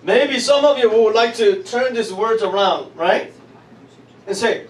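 A male pastor preaching a sermon, drawing call-and-response from the congregation and building to loud declarations. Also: high-pitched, measured pace. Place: church hall. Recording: echoey hall, miked from a distance, congregation audible.

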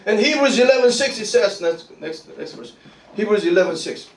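A man preaching a sermon to a congregation, excited and often laughing, repeating his words and leading call-and-response. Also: sits high, normal speed. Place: church hall with congregation. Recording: roomy hall, from a distance.

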